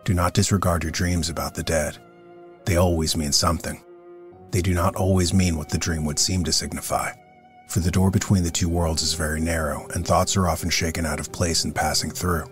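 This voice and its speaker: A man narrating a classic paranormal audiobook in a measured, solemn, steady reading. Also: low-pitched, soft background music. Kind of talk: scripted narration.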